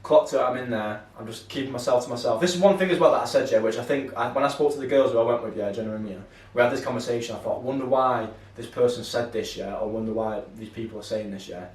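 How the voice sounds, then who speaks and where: A man's voice: mid-range voice, quick pace, hardly any pauses. A man, co-hosting a podcast and telling a long story in a rambling, sweary way, tagging lines with "yeah". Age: 20s. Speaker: podcast co-host. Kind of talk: casual chat, storytelling. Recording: roomy, mic set far off.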